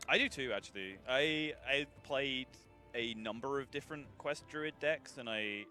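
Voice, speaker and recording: A man casting a card game tournament live, chatty and quick to laugh. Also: mid-range voice, sharp tone, soft background music. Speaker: esports caster. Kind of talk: live esports commentary.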